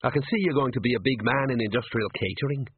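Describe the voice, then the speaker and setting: A man's voice: medium pitch, quick pace, slight background noise, close to an everyday voice. A man voicing a nervous male watch sergeant who speaks in a placating, hesitant way in a storybook reading. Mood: uneasy. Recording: tinny lo-fi narrow-band audio.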